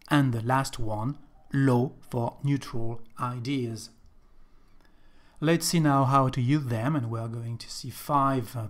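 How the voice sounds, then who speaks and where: Man, language teacher, slow deliberate delivery, patient explaining. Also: medium pitch. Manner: slow, careful explaining, slightly non-native English phrasing. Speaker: Spanish teacher. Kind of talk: language lesson narration.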